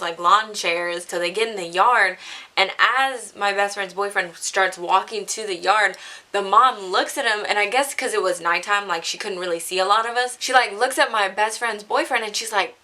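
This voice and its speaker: A woman's voice: medium pitch, bright, forceful tone. A young woman telling a story to her camera in a casual, chatty way, filling it with "like" and laughing. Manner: chatty, says "like" constantly, laughs while telling. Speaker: vlogger.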